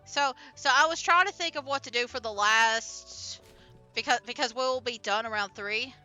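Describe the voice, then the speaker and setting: A woman's voice: a little high, moderate pace, pushed and bright, faint music behind. A young adult woman streaming a farming game, chatting casually with lots of fillers, restarts and giggles. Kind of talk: casual gameplay commentary.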